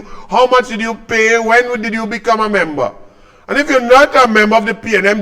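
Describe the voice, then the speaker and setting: A man's voice: high-pitched, a bit bright. A man with a Trinidadian accent delivering a sarcastic, combative political rant as a commentator, mocking his targets.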